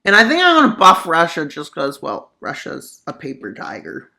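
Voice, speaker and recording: Bright-voiced sarcastic mapping narrator. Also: mid-range voice, huge pitch swings, normal speed, creaky. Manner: sarcastic, rambling asides. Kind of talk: casual scenario commentary over a map.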